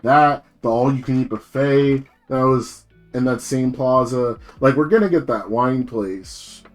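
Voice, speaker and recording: A man's voice: medium pitch, unhurried, soft background music. A young man from New Jersey chatting casually on a live stream, rambling, swearing and full of slang.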